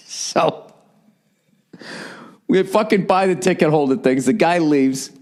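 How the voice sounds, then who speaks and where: A man's voice: a little high, takes it slowly, a little mellow. A middle-aged man with a Boston accent hosting his own podcast, telling a story in a rambling, profane, casual monologue. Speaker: podcast host.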